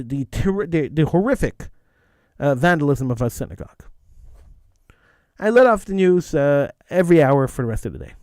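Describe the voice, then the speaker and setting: Blunt, animated talk-show host, dry studio sound. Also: male voice, fairly high pitch, no room sound. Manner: blunt, opinionated, repeats phrases for emphasis. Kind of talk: call-in radio monologue.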